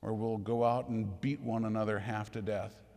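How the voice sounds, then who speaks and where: A man's voice: lowish voice, little pitch movement, normal speed, a little mellow. A man preaching a sermon, emphatic and full of rhetorical questions, in a church. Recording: echoey hall with long reverb.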